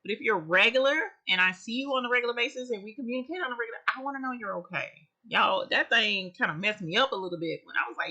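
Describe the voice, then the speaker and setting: Bright-voiced woman hosting a live chat. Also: a little high, fast, hardly any pauses. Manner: expressive, chatty, greets viewers by name. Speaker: livestream host of an embroidery channel. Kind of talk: casual live chat with viewers.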